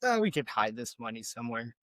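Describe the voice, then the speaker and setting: A man's voice: medium pitch, sing-song, fast talker, fairly bright tone, no echo. A man, co-hosting a podcast in rambling, self-deprecating casual chat. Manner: rambling, self-deprecating, with many fillers and restarts. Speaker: podcast co-host.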